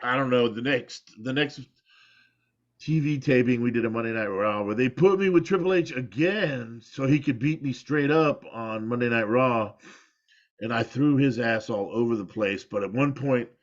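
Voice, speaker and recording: In an interview, a middle-aged former pro wrestler tells rambling, candid stories and laughs at himself. He speaks at a normal speed with a medium-pitched voice, captured on dull lo-fi audio.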